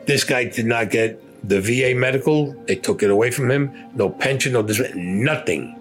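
A man's voice: mid-range voice, normal speed, soft background music. An older man, a war veteran, telling a story in an interview in a blunt, profane way, cursing constantly.

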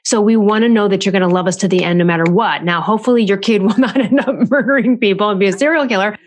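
Chatty, animated woman giving parenting advice. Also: quick pace. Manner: chatty and animated, acts out quotes with jumps in pitch. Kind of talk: casual podcast talk.

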